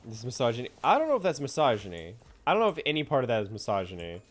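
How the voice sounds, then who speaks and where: A man's voice: medium pitch, wildly swooping pitch, racing. A man streaming a game, chatting casually and teasing his viewers with frequent laughter. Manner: playful, teasing, often laughing. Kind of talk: casual gameplay chat.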